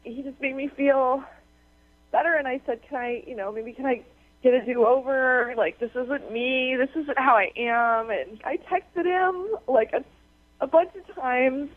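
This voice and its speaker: Casting: high-voiced woman caller, teary, rambling, halting, heard over a tinny phone line. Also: no room sound. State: tearful, on the verge of crying. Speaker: radio caller. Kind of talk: emotional phone call to a radio show.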